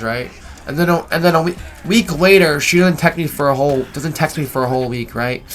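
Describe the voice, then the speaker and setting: A gaming video host rambles through a long story over gameplay, swearing casually and constantly tacking "right?" onto his sentences. His voice is fairly high and a bit bright, with slight background noise.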